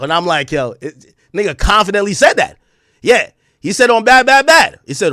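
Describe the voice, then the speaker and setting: A man streaming a casual, rambling rant, his pitch swinging widely and sitting a bit high for a man. He talks in loose, profane bursts full of restarts and laughs. The sound is close and dry, with no room around it. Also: very animated, moderate pace, sharp tone, dry recording. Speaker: streamer and commentator.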